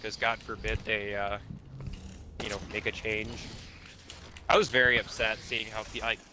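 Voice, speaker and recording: A man's voice: on the low side, level tone, normal speed, noisy background. A man in casual chat with friends while playing a game, swearing freely and reacting to the match mid-sentence. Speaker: gamer chatting with friends.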